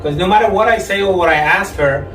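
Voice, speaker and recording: A man doing a stand-up comedy set on a club stage, telling jokes in a deadpan way and pitching his voice up when he quotes people. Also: fast talker. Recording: echoey club audio from far off, with crowd. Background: audience laughter and room noise.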